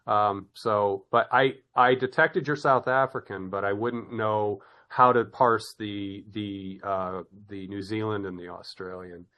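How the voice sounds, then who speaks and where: A man's voice: lowish voice, fairly even intonation, measured pace, few pauses, highs cut off. A man from the United States hosting an interview, chatting loosely with many restarts and frequent laughter. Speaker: podcast host. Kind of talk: casual interview chat.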